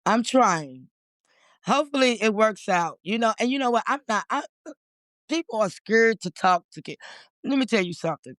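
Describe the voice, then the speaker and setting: Candid woman, warm dry-sounding voice. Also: a little high, expressive, moderate pace, no room sound. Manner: candid, emotional, talks in bursts with restarts. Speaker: interview guest, community organizer. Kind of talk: casual conversational interview.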